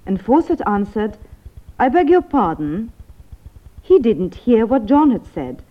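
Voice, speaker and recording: A woman asks bright, inquisitive questions as the pupil in a scripted radio English lesson. Her voice is fairly high and lively. It comes through thin and tinny, like a phone line. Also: unhurried. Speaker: lesson co-presenter playing the pupil. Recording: tinny, phone-like old recording.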